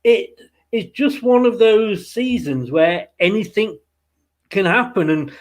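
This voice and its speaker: A man's voice: high-pitched, expressive, slow. A man hosting a casual post-match football fan podcast, chatty and rambling with fillers and playful asides.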